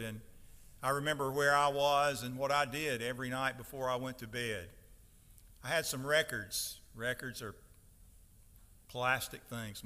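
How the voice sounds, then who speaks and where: Bright-voiced preacher in a reverberant sanctuary. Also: male voice, medium pitch, clean tone. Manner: emphatic preaching, rising to loud scripture readings. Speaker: pastor. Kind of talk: sermon. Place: church sanctuary. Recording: long hall reverb.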